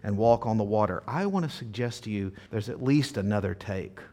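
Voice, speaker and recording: Male pastor, live church sermon, lively swooping delivery, chatty, asks the congregation questions, dramatic scripture readings. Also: on the low side, brisk. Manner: conversational preaching, asks the audience questions; acts out scripture quotes dramatically. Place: church service before a congregation.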